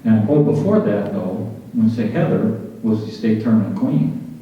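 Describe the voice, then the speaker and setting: A man's voice: lowish voice, lively intonation, normal speed, background noise. A man emceeing a luncheon panel, chatty and anecdotal, often repeating himself. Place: large banquet hall. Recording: dull, echoey hall from far off.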